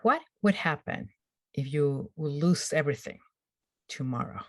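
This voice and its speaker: A woman hosting an interview, speaking in a thoughtful, measured way with frequent ums. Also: sits low, expressive, darkish tone, no echo. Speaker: host interviewer. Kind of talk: conversational summit interview.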